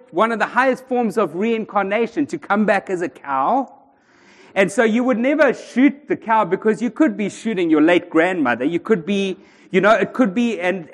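A man preaching a sermon in a church, joking and bantering with the congregation. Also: high voice. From South Africa. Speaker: pastor. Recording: long church reverb.

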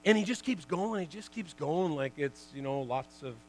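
A man in his sixties, a former pro hockey player, telling lively stories to an audience, full of "you know" and "like" and laughing at his own tales. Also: a little high, normal speed, slight background noise, poor audio. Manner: chatty, lots of "you know" and "like". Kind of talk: storytelling talk to an audience.

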